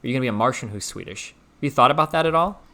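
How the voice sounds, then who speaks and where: Young male streamer with a bright, forceful voice; animated, teasing, swears freely. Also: mid-range voice, racing. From Omaha, Nebraska, US. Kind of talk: casual stream chat and storytelling.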